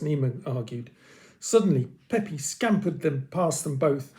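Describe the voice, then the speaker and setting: Man reading a children's story, mellow dark tone, slightly high, expressive, dramatic pauses. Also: vocal fry. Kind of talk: children's story read-aloud.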